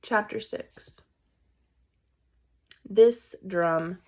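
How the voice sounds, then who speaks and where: A woman reading a children's book aloud in a deliberate storytelling manner. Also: mid-range voice, a bit bright. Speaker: reader.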